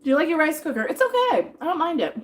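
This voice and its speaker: A woman with a slightly high voice chats loosely on a live stream while eating. Her talk rambles and she thanks viewers as they tip, now and then mumbling through a mouthful. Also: big pitch swings, fast.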